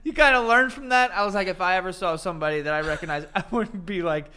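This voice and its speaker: A man's voice: high voice, fast talker, clean tone. A man co-hosting a podcast, telling stories through laughter. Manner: laughing storyteller, animated. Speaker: podcast co-host. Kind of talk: casual chat.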